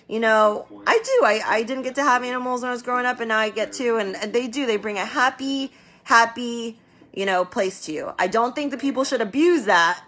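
A woman's voice: fairly high pitch, pushed and bright. A woman who runs a medical business, talking casually on a live stream, rambling and repeating words for emphasis.

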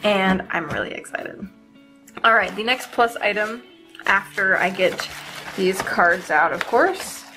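A young woman hosting her art channel, chatting casually and excitedly as she unboxes art supplies. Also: mid-range voice, slow, music in the background. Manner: bubbly, excitable, giggly.

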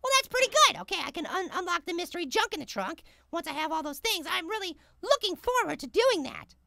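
A tiny cartoon apple gamer chatters in a shrill, very high voice with a gravelly edge. He's hyper and exclamatory, bright and sharp in tone, and hosts a let's play as if the viewers are right beside him. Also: big pitch swings, quick pace, no room sound, clean studio sound, heavily acted. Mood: excitable.

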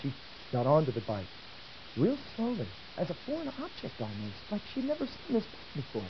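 A male lecturer tells a story to his class in a lively, swooping voice. He keeps asking the room questions. The sound is a dull old tape with a faint hiss. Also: fairly high pitch, brisk. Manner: animated, asks the audience questions.

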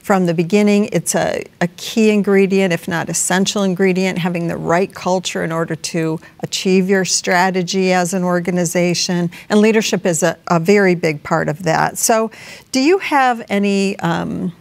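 A woman hosting an interview, asking measured, formal questions. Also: fairly low pitch, steady tone, vocal fry. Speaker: interview host.

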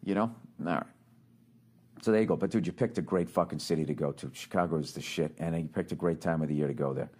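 A man's voice: low-pitched, quick pace, a little mellow, slightly rough. A man in his forties from the United States, hosting a podcast and giving advice in a profane, rambling, jokey monologue. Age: 40s. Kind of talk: casual monologue.

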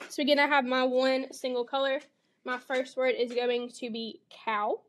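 A woman's voice: high-pitched, level tone, normal speed, a bit bright. A woman teacher demonstrating a read-aloud lesson for young children, explaining each step and voicing the animal sounds with expression.

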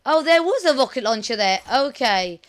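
A woman giving chatty, excitable gameplay commentary, often apologizing to her viewers. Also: sits high, normal speed, faint music behind. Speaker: let's play gamer.

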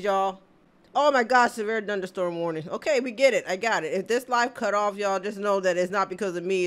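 A woman streamer reacting to memes live in a casual, animated way, exclaiming, swearing often and laughing. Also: lowish voice.

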